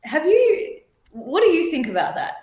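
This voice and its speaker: A woman's voice: very high voice, big pitch swings, normal speed, darkish tone, reverberant, muffled recording, slight background noise. A woman from Australia hosting a podcast, who talks earnestly and with animation in casual conversation and laughs often. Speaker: podcast host.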